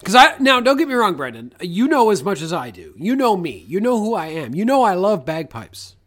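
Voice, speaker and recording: A man co-hosting a casual podcast, riffing on a movie with jokes and frequent swearing. His voice sits high and swings widely in pitch. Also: fairly quick. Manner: animated, swears freely, jokey. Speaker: podcast co-host.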